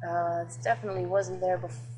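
Brief: excitable woman gamer, casual running commentary, talkative and profane. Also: lowish voice, fast talker, soft background music, low-quality recording. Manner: chatty, excitable, swears and jokes while playing. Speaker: gameplay commentator.

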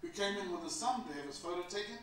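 A man tells a lively anecdote to a gathering, laughing often and acting out the voices in his story. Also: high voice, quick pace, a little hiss or hum. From New Zealand. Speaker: guest speaker at an academic gathering. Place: large meeting house. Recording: echoey hall picked up from a distance.

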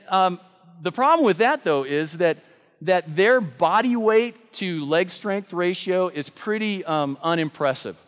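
Pastor, male, slightly high voice, earnest sermon delivery with restarts, long hall reverb. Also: fairly bright tone. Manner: earnest, emphatic, with fillers and restarts.

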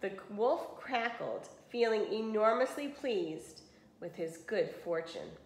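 A woman teacher reading a children's story aloud in an expressive way for a lesson. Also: mid-range voice, slow pace. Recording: roomy echo.

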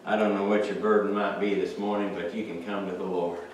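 A male pastor preaching a sermon, swinging from hushed to shouting and asking the congregation questions. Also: deep voice, little pitch movement, brisk, a little hiss or hum. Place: church sanctuary. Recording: echoey church hall from far off.

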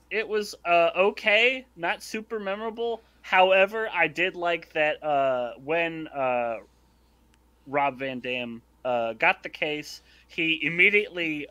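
A man's voice: fairly high pitch, sharp tone. A man co-hosting a casual podcast, talking hesitantly with many fillers. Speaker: podcast co-host. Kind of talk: casual chat.

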